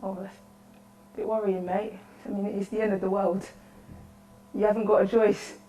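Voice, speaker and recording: A woman's voice: mid-range voice, little pitch movement, moderate pace, mellow, slight background noise, natural voice. A woman performing a lonely, chatty woman at the end of the world in a solo interactive theatre monologue, rambling and apologetic. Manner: rambling, apologetic, nervously cheerful. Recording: echoey room, voice from far off.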